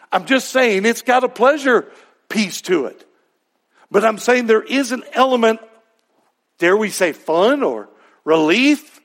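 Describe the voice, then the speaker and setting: A man's voice: sits high, fairly bright tone. A middle-aged man preaching a sermon in a conversational way, asking rhetorical questions and correcting himself as he goes. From Texas. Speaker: pastor.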